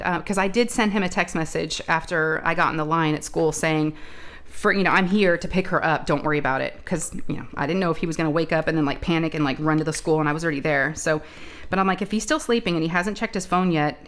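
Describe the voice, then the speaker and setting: A woman with a slightly low voice chats casually to her viewers, retelling a family story. She talks in a loose, animated way, full of fillers and side remarks, like a crafting host catching up with her audience. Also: quick pace. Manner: chatty, animated retelling with many asides and fillers.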